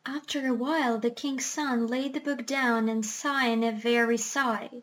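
High-voiced woman reading a storybook. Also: steady tone, a little slow. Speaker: audiobook reader. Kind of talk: storybook narration.

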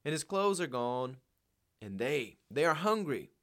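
A man voicing a frantic, feverish woman who screams accusations at her husband in a shrill, frenzied way. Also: sing-song, a little slow, a bit bright.

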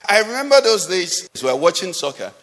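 A man's voice: high-pitched, big pitch swings, a little fast, fairly bright tone. A man preaching a sermon, asking the congregation rhetorical questions with emphasis. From Nigeria. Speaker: pastor. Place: church hall. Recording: long hall reverb.

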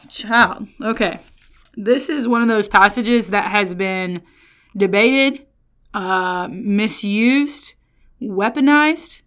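A woman's voice: medium pitch, slow, fairly bright tone, clean tone. A woman preaching, reading scripture and then telling a story from her student years in a chatty, folksy way, full of restarts, calling the listeners y'all. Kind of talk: sermon with personal storytelling.

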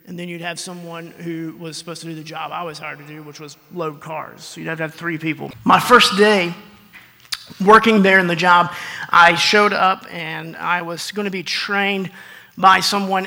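A man preaching with a high, bright voice that keeps slipping into a creaky fry. He tells a long personal story, acting out the back-and-forth and clearing his throat now and then. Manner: storytelling, acts out quoted exchanges, frequent throat clearing. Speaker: pastor.

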